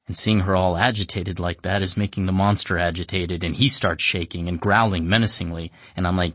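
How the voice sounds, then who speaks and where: Brief: husky male narrator, deadpan comic storytelling. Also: sits low, a little fast, few pauses, no room sound. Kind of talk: comic first-person story reading.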